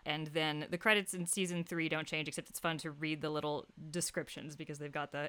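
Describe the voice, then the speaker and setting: A woman co-hosting a casual podcast chat, enthusiastic and quick to laugh as she explains at length. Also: deep voice, level tone, sharp tone, clear, resonant tone, dry recording. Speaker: podcast co-host. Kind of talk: casual chat about a TV comedy.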